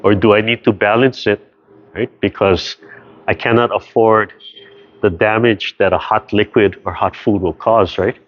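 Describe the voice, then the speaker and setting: A man's voice: lowish voice, fairly even intonation, normal speed. A man teaching a tai chi class over a video call, explaining carefully and checking in with "right?" after almost every point. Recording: dull lo-fi video call audio.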